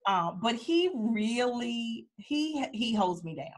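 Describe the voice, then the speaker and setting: A woman with a husky, slightly breathy voice speaks candidly as an interview guest. She tells her personal story in a heartfelt, unpolished way, often restarting sentences as she goes. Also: fairly high pitch, expressive, takes it slowly. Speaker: attorney and entrepreneur, guest. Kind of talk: emotional personal storytelling in a conversation.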